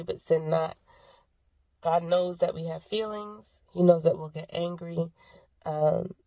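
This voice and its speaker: Woman, 30s, low gravelly voice, a little sick, reflective and rambling vlog talk. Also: darkish tone, no echo. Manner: candid, reflective, rambling with tangents. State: sick, with a cough. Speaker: vlogger. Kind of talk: personal faith vlog.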